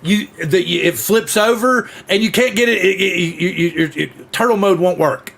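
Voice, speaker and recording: Gravelly-voiced excitable male host. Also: high voice, moderate pace. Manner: excitable, acts out sound effects, rambling restarts. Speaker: drone show host. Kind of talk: casual live-stream chat.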